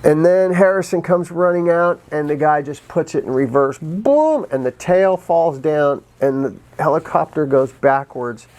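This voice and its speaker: Middle-aged male actor, casual anecdote teller, restarts a lot, bursts into sound effects. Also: fairly high pitch. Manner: animated, acts out sounds with vocal effects; frequent restarts and pauses, laughs while telling. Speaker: actor telling behind-the-scenes stories.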